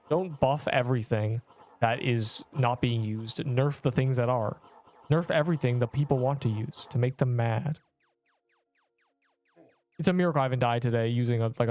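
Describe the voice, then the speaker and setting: A man's voice: mid-range voice, a little mellow. A young man streaming a video game, chatting casually and rambling to his viewers. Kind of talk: casual live-stream commentary.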